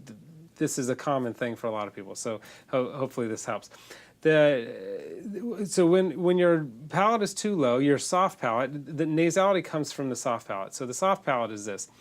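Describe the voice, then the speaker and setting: A man with a congested, nasal voice, teaching singing in a loose, casual lesson full of restarts. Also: medium pitch. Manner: loose, demonstrating, self-correcting.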